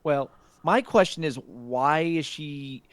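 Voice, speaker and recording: A man's voice: a little high, takes it slowly, no room sound. A man co-hosting a podcast, chiming in with quizzical, wry remarks about a cartoon. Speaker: podcast co-host. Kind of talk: casual cartoon recap chat.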